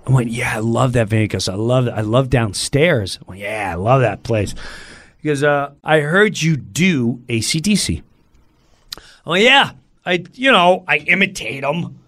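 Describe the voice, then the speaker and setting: Middle-aged man telling an animated story. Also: mid-range voice, normal speed, dry recording. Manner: acts out other people's voices in quotes. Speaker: comedian guest.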